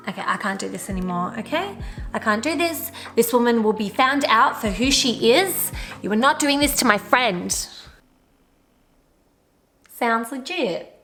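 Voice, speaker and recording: A woman's voice: a little high, expressive, slow pace, pauses often, sharp tone, soft background music, heavily acted. A woman voicing a dramatic young woman who reads out a gossip tweet in a giggly, melodramatic way. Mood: theatrical.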